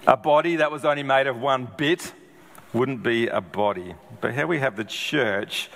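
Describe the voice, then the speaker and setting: A middle-aged man preaching a sermon. His pitch sits in an ordinary middle range. He talks in a loose, conversational way, full of ums and rhetorical questions. His voice rings out with a long reverb from the church hall. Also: moderate pace, a bit bright. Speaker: pastor.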